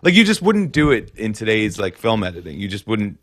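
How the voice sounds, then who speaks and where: A man co-hosts a relaxed film chat, rambling with many fillers. His voice is bright and forceful, and the recording is dry and close. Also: fairly quick, dry recording. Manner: rambling, heavy on fillers, jumps up in pitch for mock impressions. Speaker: podcast co-host. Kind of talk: casual chat about a film.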